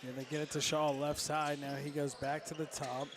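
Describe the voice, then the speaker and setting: A man giving relaxed color commentary on a basketball game, explaining plays in short remarks. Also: on the high side, normal speed, noisy background. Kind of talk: casual game analysis. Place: high school gymnasium. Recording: gym ambience and bouncing balls.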